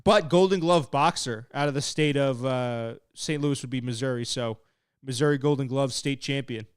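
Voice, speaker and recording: A young man casually commentating a live fight stream, excitable and swearing while he reads the chat. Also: mid-range voice, moderate pace, smooth, no room sound, clean studio sound. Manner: excitable and laid-back, swearing, laughing at chat. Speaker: fight watch-along streamer.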